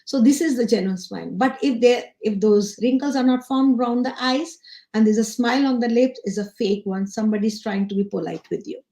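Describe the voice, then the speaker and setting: A woman's voice: on the high side, a little fast, dark tone. A woman from India giving an earnest live online talk to teachers as a guest trainer, repeating her key lines. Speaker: education trainer, guest speaker.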